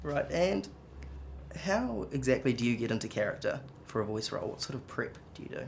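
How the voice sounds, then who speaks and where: Very deep-voiced woman interviewer. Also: very animated, brisk, creaky, darkish tone, slight background noise. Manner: brief, short questions opening with "right, and". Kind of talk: press interview questions.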